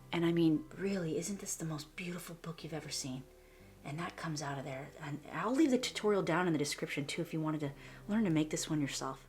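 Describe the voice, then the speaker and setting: Gushing woman, slightly low voice. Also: a little hiss or hum. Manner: gushing and effusive, often dropping to a breathy whisper. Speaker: scrapbooking channel host. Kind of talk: flip-through show-and-tell vlog.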